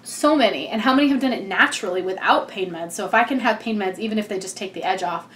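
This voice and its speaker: A woman's voice: mid-range voice, fast, a little hiss or hum. Chatty, laughing pregnant woman. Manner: chatty, rambling, laughs often. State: heavily pregnant. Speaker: vlogger. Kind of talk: casual pregnancy update vlog.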